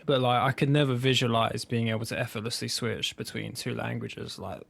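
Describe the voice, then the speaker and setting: A man's voice: medium pitch, fairly even intonation, fairly quick, creaky, a bit bright, no echo. A young man with a southern English accent, chatting casually on a podcast, rambling and swearing with self-mocking humor. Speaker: podcast co-host. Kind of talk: relaxed casual chat.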